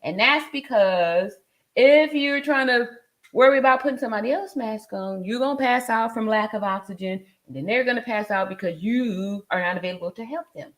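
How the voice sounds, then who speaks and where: Speaking a little fast in a fairly high-pitched voice, a livestream host in her forties reads out comments from viewers. Her talk is loose and relaxed, full of fillers and punctuated by frequent laughs.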